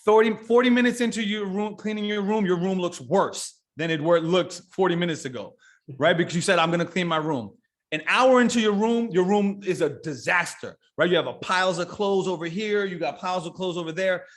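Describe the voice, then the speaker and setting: A man in casual podcast conversation, his voice sitting a bit higher than most men's. He talks bluntly, swears freely and circles back on himself, then climbs into lively, excited examples. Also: brisk. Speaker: podcast guest.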